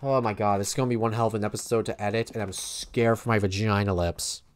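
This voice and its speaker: A man's voice: on the low side, fairly even intonation, fast talker, smooth. A young man giving casual let's play commentary, with profane, jokey asides.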